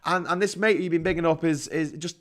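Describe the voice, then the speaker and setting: A man's voice: a little high, fairly even intonation, fast talker, fairly bright tone. A man with a Liverpool accent, hosting a casual monologue, rambling through stories with restarts and mild swearing. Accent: Liverpool English. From England. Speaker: host.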